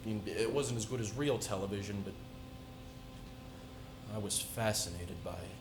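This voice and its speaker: A teenage student performing a dramatic monologue as a calm but unhinged male serial killer on death row, confiding softly one moment and shouting in a frenzy the next. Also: fairly low pitch, moderate pace, roomy sound, noisy background, natural voice. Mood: cold, menacing. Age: teens. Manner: soft, confiding menace breaking into frenzied shouting. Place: school auditorium stage.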